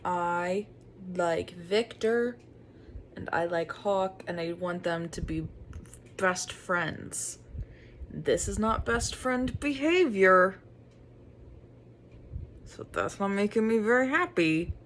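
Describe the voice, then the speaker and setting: Unhurried young woman gushing over a book. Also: animated, a little hiss or hum. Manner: thinking aloud, reacting to a book with giggles, gasps and sudden high exclamations. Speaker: book vlogger. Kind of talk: casual reading vlog.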